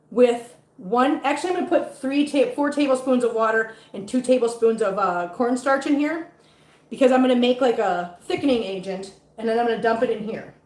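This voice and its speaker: A woman's voice: on the high side, a little mellow, roomy sound, poor audio. A woman chatting casually on a livestream while she cooks in her home kitchen, teasing her viewers and cooing at her cats. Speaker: cat vlogger cooking on a livestream. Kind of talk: casual live-stream chat while cooking.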